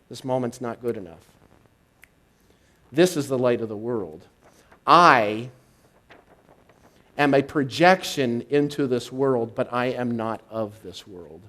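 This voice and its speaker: A man's voice: medium pitch, low-quality recording. Reflective male minister giving a sermon. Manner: teaching, reflective, unhurried. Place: spiritual center congregation, live.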